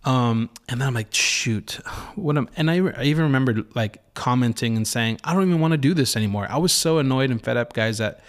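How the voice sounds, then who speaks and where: Chatty man telling a rambling story. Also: medium pitch. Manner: rambling storytelling with many restarts and quoted inner thoughts. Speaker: host. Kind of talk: casual faith talk.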